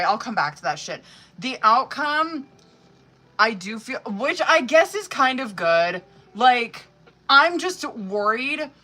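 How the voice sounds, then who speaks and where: Woman reading tarot live, bright and forward voice, loose, foul-mouthed, talkative. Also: medium pitch. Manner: profane, chatty, full of "like" and "you know what I mean". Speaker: tarot reader. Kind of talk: live-streamed tarot reading, casual chat.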